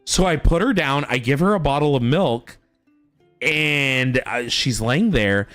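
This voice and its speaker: A man's voice: medium pitch, measured pace, no echo, faint music behind. A man streaming a game, telling stories about his toddler in a casual, swearing chat. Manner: animated storytelling, swearing. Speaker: father.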